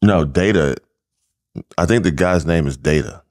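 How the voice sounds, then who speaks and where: A very deep-voiced man co-hosts a loose, casual podcast. He rambles, jokes and fills pauses with ums and uhs. There is no studio microphone, so it sounds homemade. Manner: rambling, jokey, many fillers. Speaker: podcast co-host.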